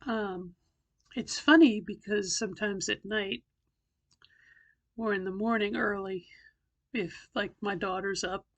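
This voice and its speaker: A middle-aged woman talking in a casual video diary, thinking aloud with many pauses and a slightly tight throat. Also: medium pitch. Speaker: vlogger doing voice training.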